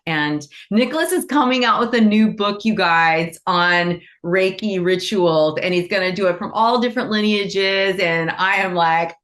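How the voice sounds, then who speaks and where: A woman's voice: on the low side, moderate pace, few pauses, fairly bright tone. Effusive woman hosting online event. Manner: effusive, laughing, playfully self-mocking. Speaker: nonprofit co-founder and event host. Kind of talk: online event closing remarks. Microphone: video call.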